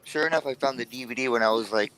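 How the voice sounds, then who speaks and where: A man co-hosting a podcast in casual chat, telling relaxed stories and imitating what others said. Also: medium pitch, racing, poor audio. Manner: relaxed, storytelling, mimics others' remarks. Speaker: podcast co-host.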